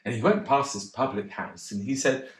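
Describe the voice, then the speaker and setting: A man's voice: mid-range voice, moderate pace, lightly acted. An actor playing a bashful, rambling cocktail pianist in a one-man stage monologue, hesitant and self-deprecating. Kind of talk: theatrical monologue. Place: theatre stage. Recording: roomy theatre.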